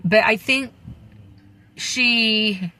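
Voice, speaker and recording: Rambly candid storyteller, lots of asides, bright tone, easy chatty style. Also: medium pitch, very slow, rough recording. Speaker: memoir storyteller. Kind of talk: casual personal storytelling.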